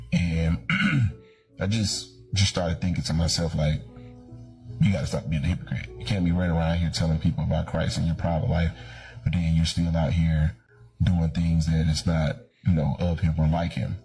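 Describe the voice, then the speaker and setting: A man's voice: very deep voice, level tone, normal speed. A man in an interview talking casually and reflectively about his faith, with many fillers. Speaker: interview guest. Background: soft guitar music.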